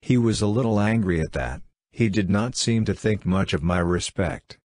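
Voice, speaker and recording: A man's voice: lowish voice, normal speed, a little mellow, no room sound, clean studio sound, lightly acted. A man reading as a brave young noblewoman. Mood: courageous. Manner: clear, quivering, courageous.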